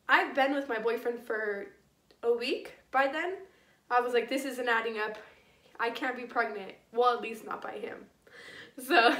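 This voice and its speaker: A woman's voice: fairly high pitch, fairly bright tone. A young woman vlogger telling a personal story in a casual, rambling way, full of "like" and restarts, swearing freely. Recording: echoey room, a bit far from the mic.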